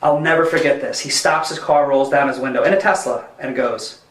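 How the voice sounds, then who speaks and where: A comedy club owner tells a rambling story with growing excitement. His voice has a middle pitch. An echoey room gives it some space. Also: a little fast. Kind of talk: storytelling in an interview. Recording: roomy echo.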